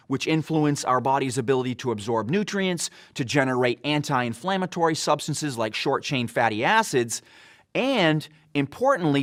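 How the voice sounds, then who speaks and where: A man reading a scripted explainer in a measured, explanatory way. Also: on the high side, fairly bright tone. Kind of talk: scripted narration.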